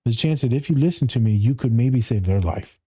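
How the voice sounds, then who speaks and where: A blunt, profane man speaking on a podcast about his work as a therapist. His voice is very dark and mellow at a middle pitch. He laughs often and jumps up into higher voices to mimic people. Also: animated, fast talker, slightly rough. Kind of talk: casual podcast conversation.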